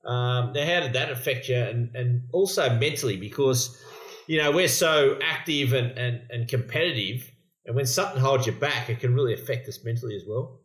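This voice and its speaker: An Australian man in his fifties interviewing a friend in a relaxed, chummy way, often saying mate. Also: medium pitch, normal speed, reverberant, low-quality recording. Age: 50s. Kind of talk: casual chat.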